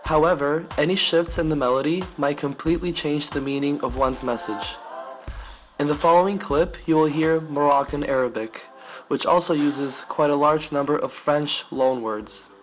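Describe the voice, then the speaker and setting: A man narrating an educational piece in a measured, explanatory reading style. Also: a little high, faint music behind, low-quality recording.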